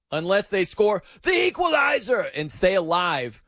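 A man hosting a sports radio show, telling stories in an animated, excitable way. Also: unhurried, no echo. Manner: animated, excitable storytelling with dramatic pitch swings. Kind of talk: casual sports talk monologue.

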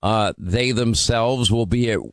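A man's voice: medium pitch, a little slow, no echo. A man hosting a call-in radio show, talking in an emphatic way with frequent fillers and restarts. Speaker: radio talk show host.

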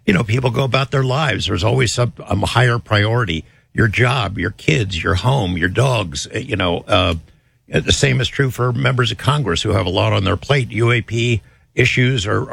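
A man's voice: fairly low pitch, creaky, fairly bright tone, slightly rough, no room sound. A man hosting a radio talk show, taking calls and steering the talk. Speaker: radio host.

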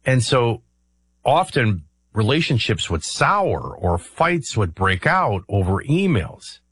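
A man's voice: medium pitch, sing-song, takes it slowly, a bit bright, husky, dry recording. A middle-aged man hosting a talk radio show, explaining his views in a rambling, conversational way with many ums and uhs. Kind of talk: conversational political commentary.

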